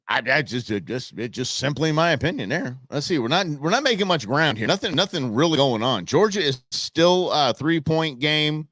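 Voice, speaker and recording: A man's voice: fairly high pitch, a bit bright, no echo, clean studio sound. A man hosting a live election-night stream, rambling through casual, jokey commentary with lots of restarts and asides. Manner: jokey, opinionated banter.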